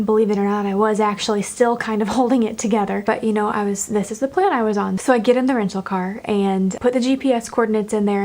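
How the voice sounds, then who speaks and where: Chatty young woman telling a story. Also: fairly high pitch. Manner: chatty and animated, acting out quoted panic. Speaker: vlogger telling a travel story. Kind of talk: casual storytelling to camera.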